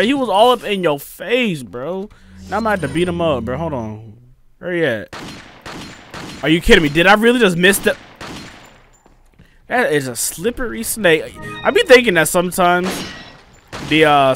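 A young man doing casual let's play commentary, joking to himself and yelping and shouting when enemies attack. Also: fairly high pitch. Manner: jokey, excitable, yelps and shouts when attacked. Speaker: gaming YouTuber.

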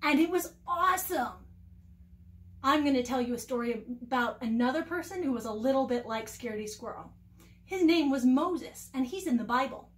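A woman teaching children, telling a Bible story with expressive voices and questions to her young listeners. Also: high-pitched, normal speed.

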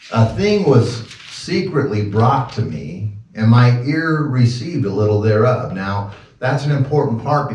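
A fairly low-voiced male pastor preaches in a folksy, joking manner, stopping and restarting his sentences. The sound is distant and muffled, picked up from far off in a roomy church. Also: a little mellow. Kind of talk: sermon.

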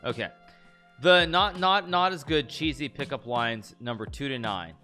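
A man reacting to chess memes on a live stream, chatty and quick to laugh, often stopping and restarting his sentences. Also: medium pitch, pushed and bright, faint music behind. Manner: chatty, self-interrupting, laughs often, reads lines aloud in a mock-romantic tone. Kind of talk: casual live-stream commentary.

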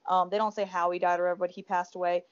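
With a fairly low, clean-toned voice and little pitch movement, a woman co-hosting a podcast rattles off rapid-fire thoughts on a horror film. It's a casual, rambling review, eager and full of fillers and restarts, recorded as dull lo-fi podcast audio.

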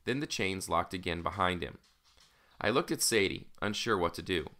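A man's voice: deep voice, lively intonation, normal speed, bright, forceful tone. A man narrating an audiobook in the first person, in a casual, wry storytelling manner.

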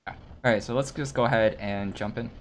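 A man's voice: mid-range voice, fairly quick, music in the background. Easygoing man hosting a reaction chat. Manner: relaxed, rambling with fillers and restarts. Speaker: host of a reaction channel.

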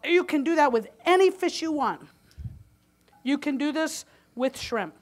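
A woman's voice: high voice, lively intonation, unhurried. A woman giving a live cooking demonstration at a conference, chatty and joking with the audience as she cooks, a little winded. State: slightly winded. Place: conference hall kitchen stage.

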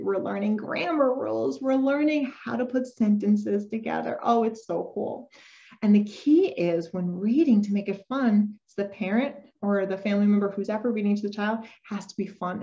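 A young adult woman speech therapist talks parents through reading strategies with a lively, swooping voice that climbs high above her usual range. She models books with an exaggerated sing-song delivery and frequent gasps. The recording sounds somewhat dull and lo-fi. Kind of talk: parent-education talk with animated read-aloud.

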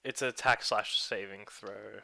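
A man playing a tabletop game who talks slowly and unsurely, often trailing off. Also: on the low side, fairly even intonation, vocal fry, sharp tone. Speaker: player. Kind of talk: casual game talk. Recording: faint background noise with clicks.

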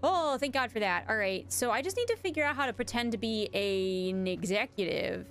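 A woman's voice: fairly high pitch, animated, a little fast, soft background music. A young woman streaming a video game, chatting with viewers in a giggly, casual way and reading notes aloud. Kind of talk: casual live-stream commentary.

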